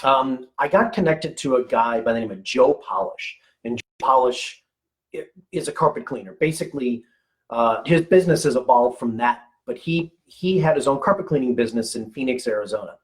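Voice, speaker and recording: A man's voice: mid-range voice, lively intonation, moderate pace, poor audio. Chatty man giving a motivational talk. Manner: conversational, repeats words, frequent "okay?" check-ins. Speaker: motivational business coach for medical practice owners. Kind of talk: casual motivational talk to camera.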